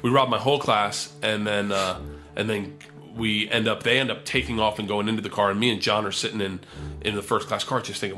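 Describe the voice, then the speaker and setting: A man telling a wild comedy story, animated and profane, acting out the quotes. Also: on the low side, a little fast, faint music behind.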